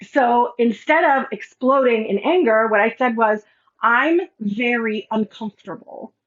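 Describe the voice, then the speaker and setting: A woman podcast host and life coach telling a personal story in a casual monologue, acting out the quoted dialogue with animation. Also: fairly high pitch. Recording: slightly muffled lo-fi audio.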